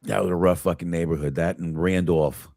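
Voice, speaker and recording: A man's voice: deep voice, steady tone, fairly quick, creaky, darkish tone, no room sound, studio quality. A man co-hosting a casual movie review podcast, swearing often and restarting his sentences. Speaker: podcast co-host.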